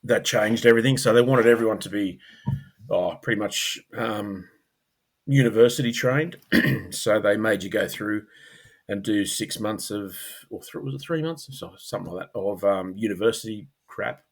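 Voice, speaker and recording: A middle-aged Australian man, a former police officer, talking casually as a podcast guest, rambling with fillers and clearing his throat. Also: lowish voice, moderate pace. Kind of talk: casual conversational storytelling.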